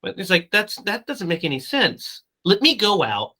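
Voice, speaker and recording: A man co-hosting a casual movie podcast, recapping scenes in an animated, loose way with some swearing. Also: high-pitched, moderate pace, low-quality recording. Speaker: podcast co-host. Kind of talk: casual movie-review chat.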